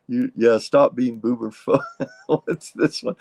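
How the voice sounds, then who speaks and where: A man's voice: medium pitch, very slow, vocal fry, long pauses, a little mellow, dry recording. A man in his sixties hosting a casual live stream, chatting in a rambling way as he reacts to viewer comments. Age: 60s. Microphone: streaming setup mic.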